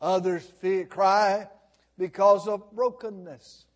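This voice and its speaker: Slow, high-voiced preaching pastor. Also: male voice, steady tone. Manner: slow, dramatic preaching that swells and drops to near quiet. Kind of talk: sermon.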